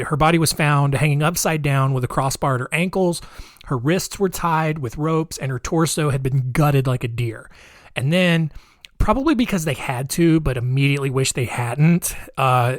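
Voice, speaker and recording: A man's voice: mid-range voice, dry recording, clean studio sound. A male podcast host telling a true-crime story in a chatty, wry way, with frequent fillers and laughs at grim details.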